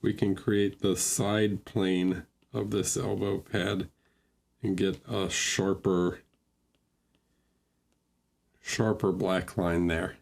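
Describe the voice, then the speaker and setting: A man giving relaxed, think-aloud feedback on miniature painting during a livestream, chatting with viewers as he goes. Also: sits low, extremely slow, creaky, long pauses. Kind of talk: casual livestream critique.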